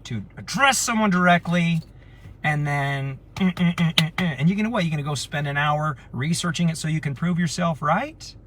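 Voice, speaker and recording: A man's voice: on the high side, normal speed, noisy background. A middle-aged man who leads a wellness community, giving a motivational talk and acting out short quoted exchanges. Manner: animated, acts out little quoted exchanges. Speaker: community leader.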